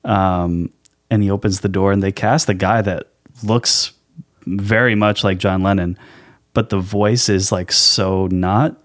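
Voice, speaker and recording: Low-voiced man chatting playfully. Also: steady tone, measured pace, fairly bright tone, no echo, clean studio sound. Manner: playful, laughs often, dips into impressions. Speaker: podcast guest, actor. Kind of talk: casual chat.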